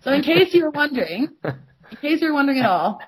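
A woman's voice: high voice, very animated, fast talker. A woman co-hosting a podcast, telling an exasperated, sweary story in casual chat and mimicking the other person's replies. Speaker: podcast co-host.

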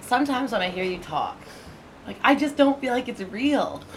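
A woman with an American accent, co-hosting a casual podcast, expressive and teasing and quick to laugh. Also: a little high, slight background noise, rough recording. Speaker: podcast co-host. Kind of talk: casual banter.

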